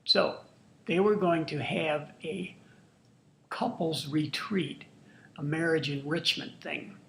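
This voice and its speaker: A man's voice: fairly high pitch, vocal fry, fairly bright tone, a little hiss or hum. An older man, a grandfather, telling a true family story to his grandchildren in a folksy, earnest, marveling way. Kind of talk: casual spoken storytelling. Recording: roomy echo.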